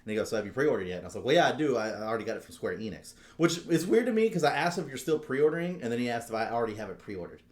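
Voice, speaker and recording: A man co-hosting a podcast, telling a story as a fast, animated rant full of swearing. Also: medium pitch. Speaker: podcast co-host. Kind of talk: casual chat.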